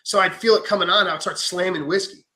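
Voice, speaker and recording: A young podcast host with a higher voice tells stories in rapid-fire, animated casual chat. He swears freely and acts out quotes.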